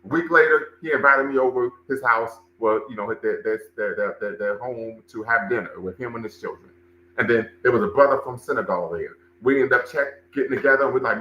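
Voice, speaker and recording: A man's voice: mid-range voice, expressive, fairly quick, pushed and bright, echoey room, poor audio. A man hosting a livestream, commenting and talking with his chat, emphatic and repeating phrases for stress. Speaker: livestream show host and cultural center director.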